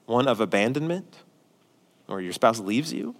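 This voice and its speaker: A male pastor preaching a sermon, forceful and emphatic at times and quiet and pastoral at others. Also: mid-range voice, very animated, normal speed. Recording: long hall reverb.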